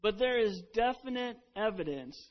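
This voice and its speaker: A man preaches an earnest sermon, often restarting his phrases as he works through a point. His voice sits notably high. The recording has a dull, lo-fi quality. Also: expressive, normal speed. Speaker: pastor.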